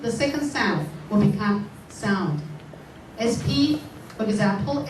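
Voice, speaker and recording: A woman teaching a class, explaining slowly and checking whether the students follow. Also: mid-range voice, very animated, noisy background. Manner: explains slowly, checks understanding with repeated questions. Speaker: English teacher. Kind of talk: classroom lesson. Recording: echoey room, voice from far off.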